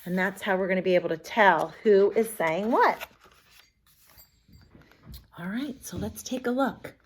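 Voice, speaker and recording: A woman teacher reading a picture book aloud to young children, speaking in an animated, talking-to-kids manner. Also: medium pitch, unhurried, husky.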